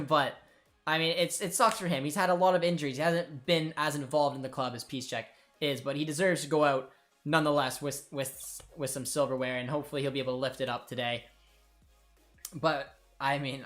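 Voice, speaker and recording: A young man hosting a live football watchalong, reacting with excitement and emotion and talking to his viewers. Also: fairly high pitch, fairly quick, faint music behind. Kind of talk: live match watchalong commentary.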